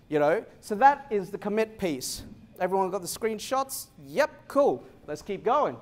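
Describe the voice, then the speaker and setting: A middle-aged man giving a live keynote talk, telling stories with quick jokes. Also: high-pitched. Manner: energetic storytelling with quick jokes. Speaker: keynote speaker.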